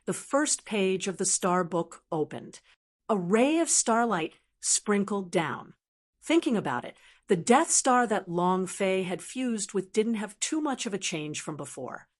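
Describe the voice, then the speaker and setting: A woman reading a fantasy web novel aloud as an audiobook narrator, in an even, unhurried storytelling manner. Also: medium pitch.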